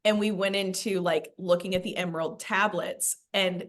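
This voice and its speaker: A woman's voice: lowish voice, fairly even intonation, moderate pace. A woman in casual podcast chat, telling a spiritual story with a rambling manner and lots of "like" fillers.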